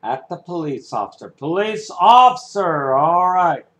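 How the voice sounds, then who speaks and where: A man's voice: a little high, lively intonation, unhurried, fairly bright tone, echoey room. A man playing every part of a game show by himself, with announcer patter, humming its theme music himself. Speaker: one-man game show parody performer. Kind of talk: playful solo game show imitation.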